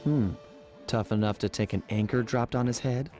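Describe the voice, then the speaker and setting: A man's voice: mid-range voice, normal speed, warm tone, lightly acted. A man voicing a cool, wisecracking male raccoon thief in a video game, with a dry, wry delivery. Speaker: game character. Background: game music.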